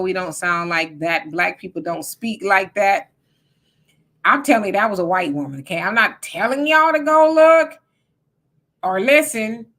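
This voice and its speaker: A woman's voice: lowish voice, fairly bright tone. A middle-aged woman, co-hosting a live stream and reading viewer comments in a chatty, teasing way. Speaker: livestream co-host. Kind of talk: casual live-chat commentary.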